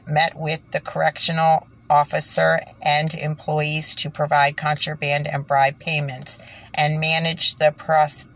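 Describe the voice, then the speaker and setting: Woman, indignant commentary, emphatic repetition, low voice, stumbles while reading. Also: a bit bright. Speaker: video creator reading news. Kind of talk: impassioned commentary and halting reading aloud. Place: indoors by fading daylight.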